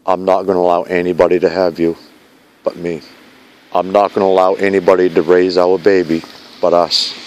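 A man's voice: low-pitched, flat delivery, fairly quick, a little mellow. A man recording a heartfelt video message to his fiancée outdoors in a snowy park at night, speaking in an earnest, pleading way with repeated vow-like lines. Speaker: vlogger addressing his fiancée.

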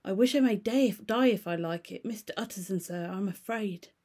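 A woman reading aloud and voicing a frightened, loyal male butler who speaks in a fearful, halting way. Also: medium pitch, a little mellow, natural voice. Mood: afraid. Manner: fearful and halting, repeating himself.

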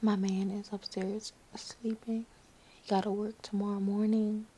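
A woman's voice: medium pitch, flat delivery, unhurried, warm tone, a little hiss or hum. A young woman in pain after surgery, whispering a late-night vlog into her phone in her living room, weary, sighing and out of breath. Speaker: vlogger.

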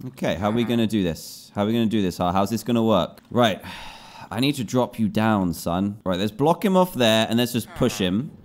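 Animated man, lively pitch. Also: normal speed. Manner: animated, scolds and pleads with game characters. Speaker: gaming video host. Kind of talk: gameplay commentary.

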